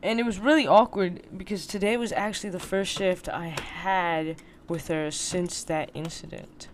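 A woman's voice: lowish voice, normal speed, slight background noise. A young adult woman co-hosting a podcast, chatting casually with lots of slang and acting out conversations as she tells a story. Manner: slangy and animated, acting out quoted exchanges. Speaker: podcast co-host. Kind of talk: casual chat.

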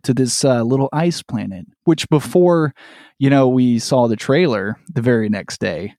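A man co-hosts a casual podcast, rambling through an episode recap and restarting his phrases as he goes. His voice sits at an ordinary middle pitch. The sound is dry and close, with no room in it. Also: normal speed, warm tone, no room sound. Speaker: podcast co-host.

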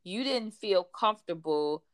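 A woman's voice: medium pitch, expressive, measured pace. Emphatic woman host, casual chat. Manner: emphatic, warm slang, encouraging interjections.

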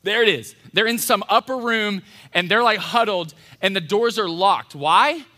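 A man, a college pastor giving an informal, animated sermon and acting out voices as he retells stories. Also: high voice, moderate pace. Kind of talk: casual sermon. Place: church hall.

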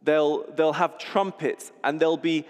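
Delivering a sermon, a man with a slightly high, darkish voice speaks slowly and in a steady tone. He paints a scene vividly, often restarting and repeating words along the way, and a long hall reverb surrounds the recording.

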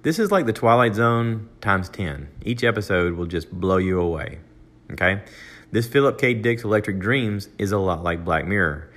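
Deep-voiced older American man rambling. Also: expressive, moderate pace, fairly bright tone. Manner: rambling, conversational, with many fillers and restarts; acts out quoted voices in a raised pitch. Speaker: podcast host. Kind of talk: casual solo monologue.

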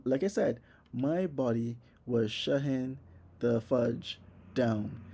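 A young man telling a comic story about a workout, animated and profane, acting out his own reactions. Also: mid-range voice, slightly rough. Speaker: vlogger. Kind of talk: comedic personal storytelling.

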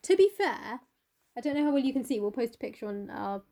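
A woman's voice: fairly high pitch, very animated, fast, warm tone. A woman co-hosting a podcast, animatedly retelling a classic novel, swearing freely and acting out the characters. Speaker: podcast co-host.

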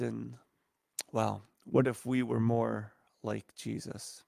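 A man's voice: mid-range voice, level tone, takes it slowly, creaky, warm tone, dry recording, studio quality. A man preaching a sermon as a pastor, earnest and emphatic, stacking repeated phrases.

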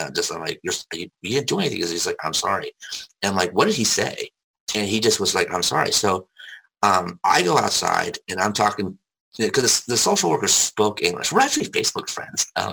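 A man telling his life story in casual conversation, candid and rambling, swearing freely, with a gravelly, husky voice. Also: low voice, pushed and bright, low-quality recording.

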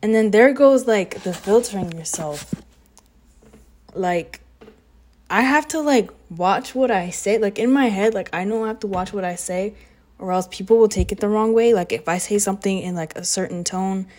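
A teenage girl who is a high school student, rambling and oversharing in a casual confessional vlog at home, sarcastic and full of fillers. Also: normal speed, a little mellow. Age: teens. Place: home living room.

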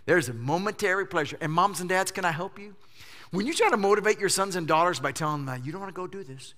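A male pastor preaching a sermon, telling funny stories in an animated way. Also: sits high, quick pace. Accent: Southern US. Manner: animated storytelling with jokes.

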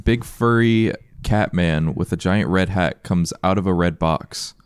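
A young man co-hosting a casual podcast, dropping deadpan quips. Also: low voice, a little slow, clear, resonant tone, no room sound, clean studio sound. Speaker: podcast co-host. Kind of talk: casual chat among friends.

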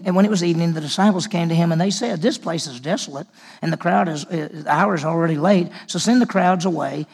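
Man, pastor, sermon, raspy gravelly tone, conversational, stumbles and repeats words. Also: high voice. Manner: conversational, repeats words, swings from emphatic to hushed. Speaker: senior pastor.

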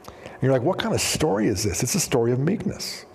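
A man's voice: mid-range voice, big pitch swings, fairly quick, vocal fry. A middle-aged man preaching a sermon as pastor, telling stories casually with fillers and acting out the voices he quotes. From Canada. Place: church sanctuary. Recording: long hall reverb in a church.

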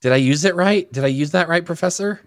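A man playing a tabletop game, eager and excited. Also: a little high, quick pace, dry recording, clean studio sound. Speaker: player.

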